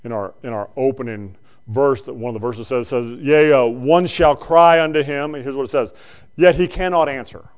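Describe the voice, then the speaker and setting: A male preacher giving a conversational sermon that swings between loud bursts and quiet asides. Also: medium pitch, moderate pace, clear, resonant tone.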